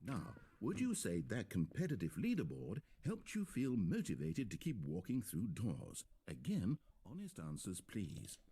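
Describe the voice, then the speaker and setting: A wry, mellow game narrator. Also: male voice, fairly low pitch, huge pitch swings, unhurried, few pauses, a little hiss or hum. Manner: dry, mock-earnest, ironic storytelling. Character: wry, sarcastic male game narrator, middle-aged. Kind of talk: scripted video game narration.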